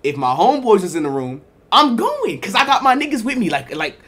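A young man tells a story live from his bedroom, and his pitch leaps all over the place. His voice sits a little high for a man. He talks slangy and profane, straight to his chat, and often bursts into loud exclaims. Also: huge pitch swings, a little fast, few pauses, breathy edge. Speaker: streamer. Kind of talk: casual live-stream storytelling. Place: bedroom at home.

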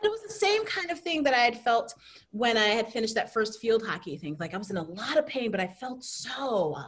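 Middle-aged woman guest, casual interview storyteller, animated, laughs a lot, mimics quoted voices. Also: fairly high pitch, a little fast, a little hiss or hum.

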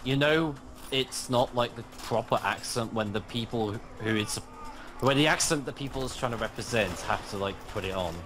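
A man's voice: mid-range voice, moderate pace, background noise. A man with a mixed British accent chatting and giggling while playing a game with a friend. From Britain. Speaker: gamer co-host. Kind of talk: casual gaming chat.

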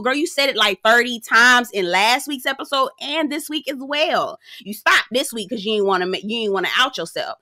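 A woman's voice: a little high, expressive, moderate pace, bright, forceful tone, no room sound, clean studio sound. A young adult woman giving a sassy, blunt, profane recap of a reality show, talking straight to her viewers. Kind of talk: casual recap commentary.

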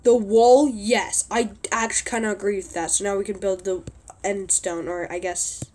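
A young woman commenting on her own gameplay, often exasperated and yelling at a teammate. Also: medium pitch, steady tone, normal speed. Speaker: gaming youtuber.

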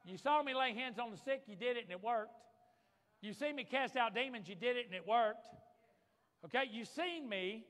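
An easygoing man teases his friends in a bright, lively voice, put on by a male pastor mid-sermon. His playful words carry a long reverb through a large church hall. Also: very high voice, moderate pace. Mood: teasing. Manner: teasing, playful.

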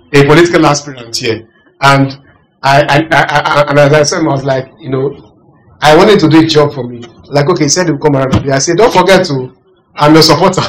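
A man preaching a sermon, asking the congregation "are you getting me" and swinging between loud emphasis and quiet asides. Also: on the high side, rough recording. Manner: animated preaching with call-and-response questions. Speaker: pastor.

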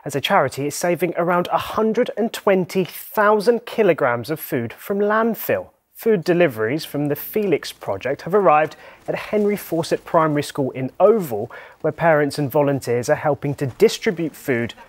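A man presenting a regional news bulletin, reading scripted headlines in a measured, even way. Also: on the high side.

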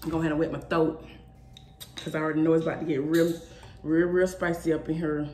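A young woman with a deep, dark, fairly monotone voice hosts a mukbang vlog, speaking briskly. She chats casually and directly to her viewers in a sassy, emphatic way, in an echoey room with faint noise.

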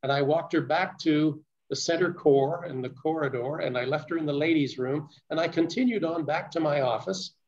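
An older man from Canada recounts his story to an audience, pacing it carefully and filling it with detail. His voice sits a touch higher than most men's. The recording is dull and lo-fi. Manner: measured, detailed storytelling with frequent restarts. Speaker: speaker telling a survivor's account. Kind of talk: first-person recounting to an audience.

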